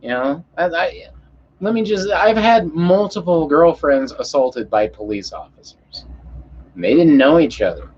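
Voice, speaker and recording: Profane ranting man, husky lo-fi voice. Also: fairly high pitch, lively intonation, measured pace, darkish tone. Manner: profane, heated, acts out voices. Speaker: podcast storyteller. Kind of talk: casual storytelling rant. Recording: muffled lo-fi audio.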